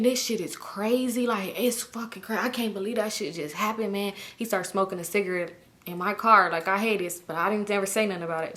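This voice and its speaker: A woman, telling a story in a casual vlog and acting out everyone's lines with big jumps in her voice. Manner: animated, acts out quotes with big pitch jumps. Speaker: storytime vlogger.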